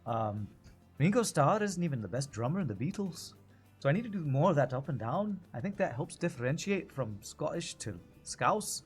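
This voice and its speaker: A man's voice: fairly high pitch, sing-song, moderate pace, faint music behind. A man streaming a card game, chatting casually and thinking aloud about his moves. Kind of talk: casual gameplay commentary.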